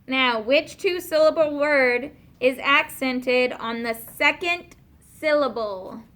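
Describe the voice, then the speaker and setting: A woman teaching a class of young students, patiently asking questions and slowing down to spell out and explain words. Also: high voice, a bit bright.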